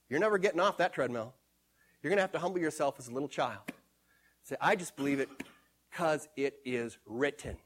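High-voiced emphatic male preacher. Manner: emphatic, repeats scripture phrases, swings between hushed and loud. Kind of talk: sermon.

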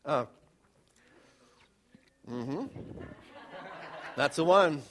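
Male pastor, sermon, conversational and emphatic, slightly high voice. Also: lively intonation, very slow. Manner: conversational, emphatic preaching with swings from loud to hushed.

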